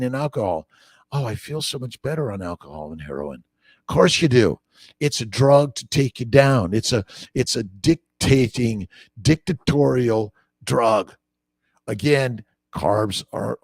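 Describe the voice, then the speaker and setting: A man's voice: fairly low pitch, a little mellow, dry recording, clean studio sound. An older man, a doctor, hosting a casual morning livestream, upbeat and preachy, greeting viewers by name.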